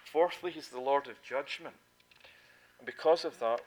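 A man preaching a sermon, dropping to hushed asides and then rising to loud, emphatic proclamation, repeating key points for emphasis. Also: mid-range voice, moderate pace, slight background noise, low-quality recording.

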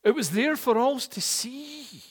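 Middle-aged pastor, male, high voice, measured emphatic sermon delivery, church hall reverb. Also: lively intonation, husky. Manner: slow, emphatic preaching with repeated phrases.

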